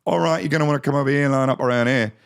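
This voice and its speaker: A comedian putting on a mock British accent to play a bossy, chirpy British local, brisk and mocking. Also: male voice, mid-range voice, gravelly, clean tone, pitched above the performer's own voice, natural voice.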